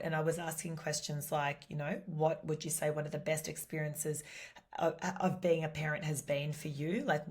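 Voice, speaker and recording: An Australian woman with a low-sitting voice hosts her own solo podcast. She chats casually, lively and talkative, sprinkling in plenty of "you know" and "like".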